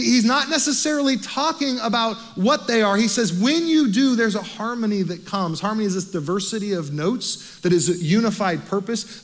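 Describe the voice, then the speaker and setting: High-voiced American pastor preaching animatedly. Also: male voice. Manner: animated, conversational preaching with rhetorical questions. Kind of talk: sermon.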